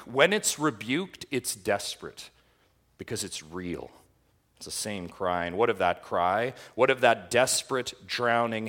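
A man with a lowish voice preaches a sermon in a church. He is impassioned, sinking to hushed, quiet lines and then climbing to loud, emphatic cries. Heard from the pulpit. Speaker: pastor.

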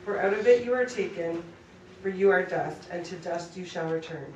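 A woman's voice: fairly low pitch, moderate pace, darkish tone, far from the mic, highs cut off, slight background noise. A woman taking part in a Bible study group, reading scripture aloud with careful, slightly hesitant delivery. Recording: echoey room, voice from afar.

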